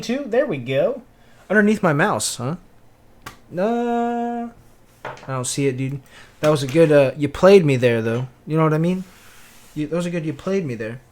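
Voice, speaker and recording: A man from Tennessee, Southern accent and voice sitting high and a little mellow, chats casually on a livestream as he works. He's laid-back, greeting people and muttering and humming to himself.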